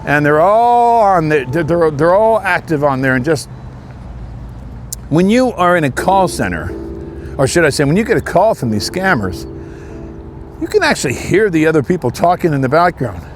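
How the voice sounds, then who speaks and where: A man's voice: fairly high pitch, very animated, moderate pace, soft background music. A man from Canada talking casually while out on a walk, earnest and indignant, with a preachy edge. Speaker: vlogger. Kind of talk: casual walking monologue. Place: outdoors on a walk near traffic.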